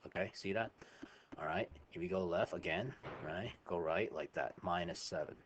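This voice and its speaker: A man's voice: low voice, moderate pace, highs cut off, a little hiss or hum. A man teaching a math lesson over a screen recording, chatty and informal, often checking in with "right?".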